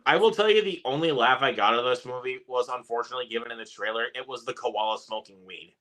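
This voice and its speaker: A man's voice: mid-range voice, quick pace, sharp tone. A man giving blunt, dismissive opinions in a casual film review chat. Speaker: podcast guest.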